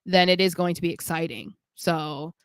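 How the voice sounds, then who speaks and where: A woman's voice: lowish voice, fairly even intonation, normal speed, smooth, dry recording. A woman co-hosting a podcast, chatting casually and rambling with lots of "like". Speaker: podcast co-host. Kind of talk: casual chat.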